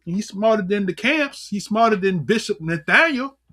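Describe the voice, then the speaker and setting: A man's voice: sits high, moderate pace. A man in the role of elder teaching a livestreamed class on scripture and history, speaking, full of rhetorical questions and chuckles. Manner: animated, rhetorical questions, chuckles, fumbles with notes. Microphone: computer mic on a livestream.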